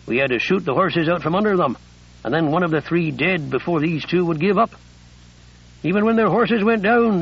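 Plain-spoken corporal with a West Country English accent read by a male narrator, gravelly, lo-fi. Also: sits high, heavily acted. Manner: blunt, rough, informal speech.

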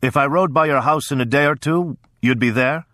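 A male narrator voicing a big, hearty, quietly threatening older lord, loud and genial in an audiobook reading. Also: mid-range voice, brisk, no room sound, clean studio sound, voice pushed up, lightly acted. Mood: hearty, jovial. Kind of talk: audiobook character voice.

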